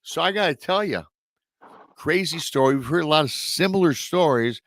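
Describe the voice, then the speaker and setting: A man hosting a podcast, retelling a story in an animated, excitable way. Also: fairly high pitch, moderate pace, no room sound. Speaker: podcast host. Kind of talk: casual chat.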